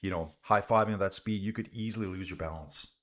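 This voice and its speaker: Deep-voiced and fast, this man streams casual live commentary on a bike race, reading out viewer comments and hailing his audience as "guys" and "dude."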